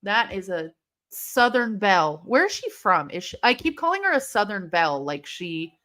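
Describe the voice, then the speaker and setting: Hosting a live watch-along stream, a young woman reacts aloud to a match with excitable commentary full of swearing. Her voice is mid-range and her pace moderate.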